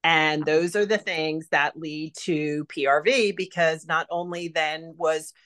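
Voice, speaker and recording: Woman consultant sharing sales tips, a bit low in pitch, rambling and chatty with many fillers. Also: steady tone, slow pace, a bit bright. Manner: chatty, heavy use of "like" and "um". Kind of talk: casual sales advice talk.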